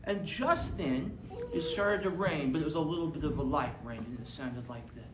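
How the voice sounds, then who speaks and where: A woman performing an interactive children's story in a theater, playful and animated, talking directly to the kids. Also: low voice, normal speed, far from the mic. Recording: echoey theater from afar, noisy.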